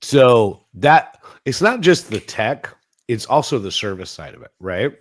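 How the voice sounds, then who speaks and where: A man's voice: medium pitch, very animated, measured pace. A man speaking as a guest in a casual interview, rambling and telling stories with acted-out quotes. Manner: rambling, anecdotal, acts out quoted dialogue; frequent restarts and fillers. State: coughing at times. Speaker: guest, 5G business internet provider.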